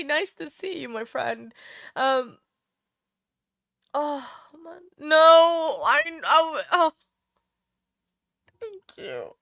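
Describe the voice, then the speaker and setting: Female streamer host, high bright voice, slow easy delivery, tearful and gushing with thanks. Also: dry recording, studio quality. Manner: emotional, tearful, laughs often, thanks viewers repeatedly. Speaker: livestream host. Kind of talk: casual livestream chat.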